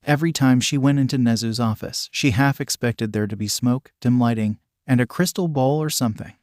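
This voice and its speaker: A man reads a fan story aloud at a steady, even pace. His voice sits in an average male register. The sound is close and dry, with no room echo. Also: mid-range voice, a little fast. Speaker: fanfiction narrator. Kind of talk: story narration.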